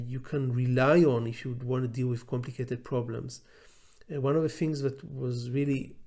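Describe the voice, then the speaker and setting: A man's voice: medium pitch, dark tone. Israeli guy lecturing off the cuff, blunt, lots of uhs. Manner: hesitant, many filler sounds. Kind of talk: unscripted lecture.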